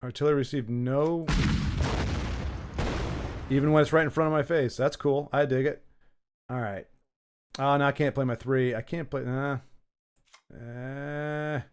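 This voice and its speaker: A man's voice: mid-range voice, steady tone, a little slow, pauses often, background noise. A man giving casual, joking commentary while playing a card game, muttering to himself between asides to his viewers. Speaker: gaming channel host.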